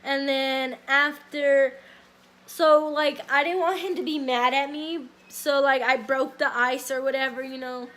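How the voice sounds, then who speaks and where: A young woman vlogger tells her viewers a personal story in a casual vlog, rambling and peppering her sentences with likes and ums. Her voice is high, steady in tone and a bit bright, and she speaks a little slowly.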